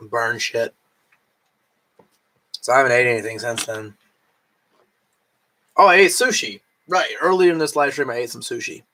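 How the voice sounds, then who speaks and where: A man's voice: medium pitch, pushed and bright, poor audio. A drunk man rambling casually on a late-night live stream at home, swearing and chewing food as he talks.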